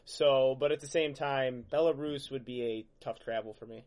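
Male podcast host, mid-pitched voice, relaxed, swears easily. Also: moderate pace, dull audio. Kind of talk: casual chat.

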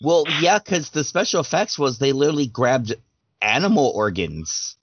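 A man's voice: medium pitch, animated, normal speed, a bit bright, a little hiss or hum. A man hosting a casual podcast chat, rambling with lots of fillers and laughing often. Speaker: podcast host asking questions. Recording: dull lo-fi, dry sound.

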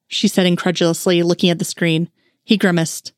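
A woman's voice: lowish voice, level tone, a little fast, no echo, clean studio sound. A woman narrating a fan fiction story aloud, reading the dialogue with light shifts of tone. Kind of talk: audiobook narration.

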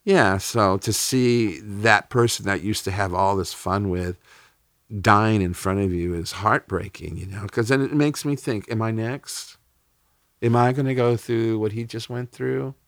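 A man's voice: on the low side, a little slow, dry recording, clean studio sound. A middle-aged man from Texas, a podcast interview guest, telling personal stories candidly and emotionally with blunt language.

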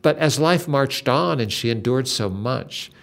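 A man's voice: mid-range voice, lively intonation, unhurried, vocal fry, fairly bright tone. An older man hosting a Christian talk, earnestly retelling a story with dramatic emphasis. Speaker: Christian podcast host.

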